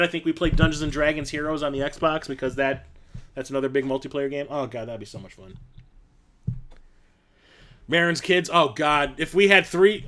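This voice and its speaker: A young adult man hosting a casual live-stream chat, rambling through stories and laughing often. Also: on the high side. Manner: rambling storyteller, laughs often, acts out quotes loudly.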